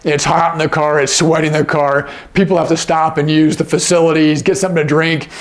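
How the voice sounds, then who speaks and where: A man teaches sign language fairly quickly, his slightly high voice showing little pitch movement. The lesson is casual and hands-on, and he checks in with "okay?" often.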